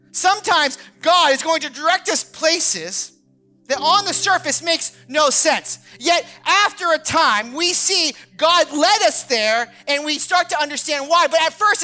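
Animated male preacher with a bright edge. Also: extremely high pitch. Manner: animated storyteller, acts out quoted voices, many fillers like "like". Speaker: pastor. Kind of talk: sermon with personal story.

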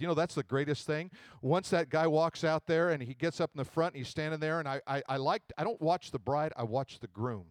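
A middle-aged man preaching a sermon, swinging between loud emphatic bursts and slow drawn-out scripture lines. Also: on the high side, no room sound. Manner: animated preaching with swells of volume and drawn-out scripture readings. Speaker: pastor.

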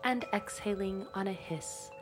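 A woman leads a breathing and voice exercise, taking her time between each instruction. Her voice sits at a middle pitch and stays calm and coaching throughout. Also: unhurried, over music.

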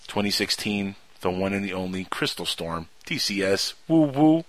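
A man's voice: on the low side, lively intonation, moderate pace, few pauses, dry recording. A man hosting a casual call-in show, making playful, hyped introductions. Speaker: host.

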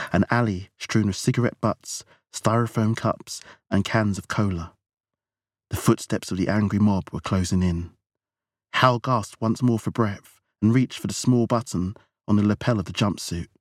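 A man narrating a novel with measured, even storytelling. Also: on the low side, no echo, clean studio sound. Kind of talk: audiobook narration.

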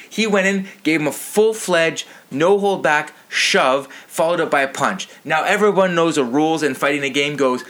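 A man's voice: on the high side, bright, forceful tone. Heated, swearing man ranting about sports. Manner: outraged, profane and heated. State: a little tipsy.

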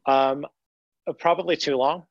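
A man's voice: on the high side, fairly even intonation, normal speed, no echo. Earnest man, dull dry audio. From United States. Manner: earnest, rambling with restarts. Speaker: guest. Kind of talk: conversational interview.

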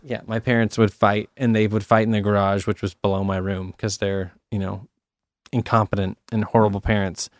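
A man's voice: fairly low pitch, flat delivery, a little fast, no room sound, studio quality. A young man hosting a podcast, casually telling a personal story and acting out quoted voices. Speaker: podcast host. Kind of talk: casual chat.

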